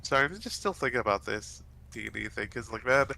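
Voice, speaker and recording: Guy with a blocked-up nose, rambling about stuff while playing, kinda bright voice. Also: mid-range voice, expressive, fast, creaky, low-quality recording. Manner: rambling, many fillers and restarts. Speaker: let's play host. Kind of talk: casual chat while gaming.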